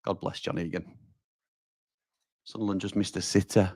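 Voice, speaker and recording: The host of this live football watch-along has a low-pitched voice with fairly even intonation and a moderate pace, captured as a dry recording with clean studio sound. He reacts to the match, loudly at chances, and chattily reads comments, calling viewers pal and mate.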